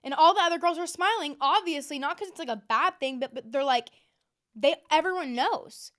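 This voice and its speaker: Chatty young woman, slightly high voice. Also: brisk. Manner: chatty, animated, lots of "like". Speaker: podcast host. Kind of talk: casual storytelling monologue.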